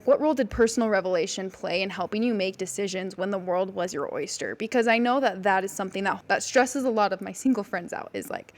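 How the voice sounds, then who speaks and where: A woman's voice: medium pitch, brisk, hardly any pauses. A young woman hosting a podcast, asking casual, chatty interview questions. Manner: casual, chatty, uses "like" often. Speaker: podcast host.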